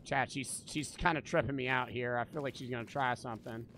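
Brief: young male streamer with a bright voice, cursing, joking commentary over gameplay. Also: mid-range voice, steady tone, brisk, slight background noise. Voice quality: profane, joking, chatty. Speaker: gaming streamer.

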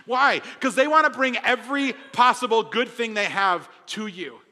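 A young man preaching a sermon to his congregation, talking casually and conversationally, swinging from loud emphasis to hushed storytelling. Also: very high-pitched, normal speed. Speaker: pastor. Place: large church hall. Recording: long hall reverb.

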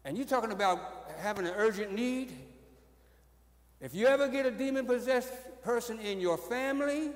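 A man preaching a sermon as pastor, swinging from loud high exclamations to low, quiet storytelling and punctuating his phrases with "amen.". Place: church sanctuary. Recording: echoey church hall.

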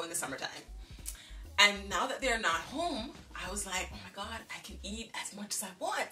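A woman from Jamaica telling a childhood story in a casual vlog, acting out the dialogue and laughing as she goes. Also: on the low side. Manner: animated, laughing, acts out dialogue. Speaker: vlogger. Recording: distant mic with faint music behind.

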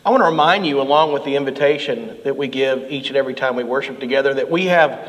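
A middle-aged man preaching a sermon as pastor, telling animated stories and shouting out the lines he quotes. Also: mid-range voice, fast, long reverb tail, rough recording. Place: church sanctuary.

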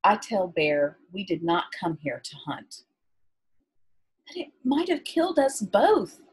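A woman reading aloud voices a solemn teenage boy hunter who speaks in slow, clipped broken English. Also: low-pitched, husky, exaggerated voice.

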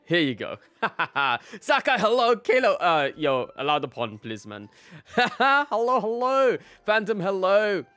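A man's voice: high voice, sing-song, slow, sharp tone, dry recording. A young man live-streaming a game, casually greeting his chat by name and laughing often.

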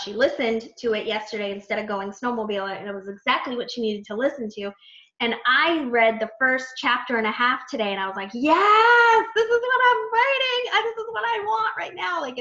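A woman coaching new team members on a training call, chatty and animated, full of fillers and acted-out self-talk. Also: on the high side. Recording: muffled lo-fi call audio.

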